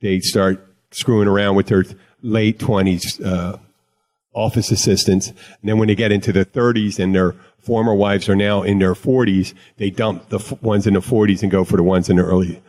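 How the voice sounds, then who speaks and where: A man's voice: on the low side, steady tone, moderate pace, a little mellow. A man hosting a casual podcast chat, rambling and joking, often interrupting himself. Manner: rambling, jokey, self-interrupting. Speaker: podcast host, bartender.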